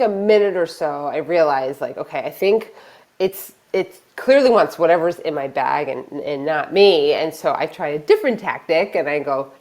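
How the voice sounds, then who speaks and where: A woman telling a personal story on a live stream, lively and animated, acting out her own shouts and quoted lines. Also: lowish voice.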